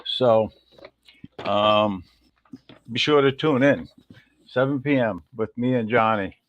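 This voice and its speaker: A man's voice: medium pitch, takes it slowly, highs cut off. A man hosting a casual livestream, rambling and greeting viewers in the chat one by one. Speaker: livestream host.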